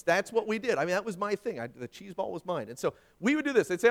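A man's voice: high-pitched, fairly quick, hardly any pauses. A man preaching a sermon, telling stories and acting out the voices in them. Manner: animated storytelling, acts out quoted voices. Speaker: pastor. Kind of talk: sermon with anecdotes.

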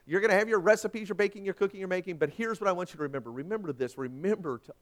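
A man's voice: high voice, very fast. A man preaching a sermon, telling stories and acting out the voices in them. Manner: animated storytelling, acts out quoted voices. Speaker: pastor. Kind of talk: sermon with anecdotes.

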